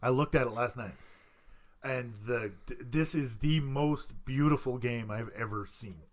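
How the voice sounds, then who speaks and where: A man's voice: medium pitch, unhurried. A man hosting a casual podcast chat, rambling and stumbling over his words, laughing often. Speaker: podcast host.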